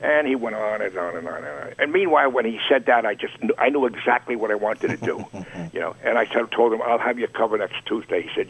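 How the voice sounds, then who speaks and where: Husky older man telling a story. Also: lowish voice, poor audio. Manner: acts out the quoted dialogue with lively shifts of voice. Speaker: interviewee. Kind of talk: anecdotal storytelling.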